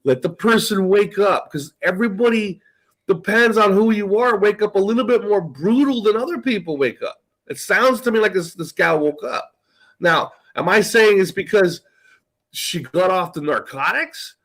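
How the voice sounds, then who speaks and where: High-voiced rambling man. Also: animated, normal speed, fairly bright tone, rough recording. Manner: rambling, swearing, tells stories with quoted dialogue. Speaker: guest. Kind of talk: casual chat on a call.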